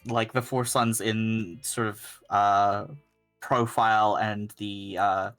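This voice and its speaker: Slow, measured game master man. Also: lowish voice, flat delivery, a bit bright, soft background music. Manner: unhurried, thinks aloud while describing. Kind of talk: describing scenes for a tabletop game.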